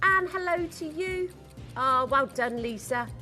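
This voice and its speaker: Woman, live shopping channel presenter, gushing, high voice, faint music. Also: measured pace. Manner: excitable, gushing. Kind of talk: live selling pitch. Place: TV studio.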